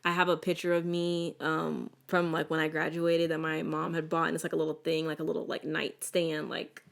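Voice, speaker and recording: A young adult woman hosting a casual solo podcast, telling animated stories with lots of restarts. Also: sits low, fairly quick, vocal fry. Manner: animated, chatty storytelling with many restarts. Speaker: podcast host.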